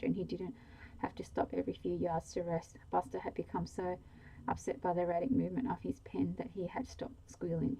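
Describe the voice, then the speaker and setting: A woman reading a novel aloud in a soft-spoken ASMR bedtime style, slow and hushed. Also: lowish voice, gravelly, husky, poor audio. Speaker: storyteller.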